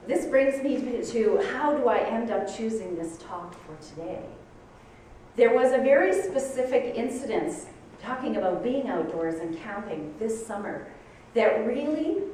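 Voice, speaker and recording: A woman giving a spiritual talk to a congregation, telling a story with animated, dramatic outbursts. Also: medium pitch, a little hiss or hum. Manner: animated storytelling, acting out her own shocked outbursts. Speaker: speaker giving a Sunday talk. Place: church hall with audience. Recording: echoey hall from far off.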